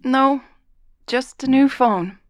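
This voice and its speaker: A woman's voice: sits high, slow pace, soft background music, pitched above the performer's own voice. A woman voicing a tipsy, blunt young woman who slurs and speaks sharply in defense of her best friend. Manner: slurring, sharp and protective. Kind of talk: audiobook character voice.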